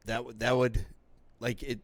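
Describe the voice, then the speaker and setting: A man's voice: mid-range voice, little pitch movement, moderate pace, dry recording. A man hosting a podcast, chatting frankly and swearing now and then as he reacts and interjects. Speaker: podcast host. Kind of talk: casual chat.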